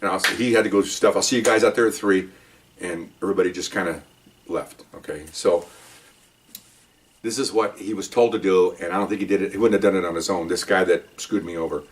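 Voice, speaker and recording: An older man, a retired police officer, telling stories in an animated, emphatic way, acting out the dialogue and often checking in with the listener. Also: sits low, brisk, far from the mic. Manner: animated, emphatic, acts out quoted dialogue, keeps checking in with "okay?". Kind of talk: casual storytelling.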